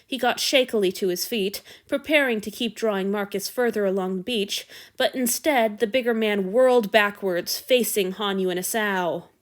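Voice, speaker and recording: A woman narrating a fan fiction story aloud in a steady, expressive reading. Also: mid-range voice, normal speed, few pauses.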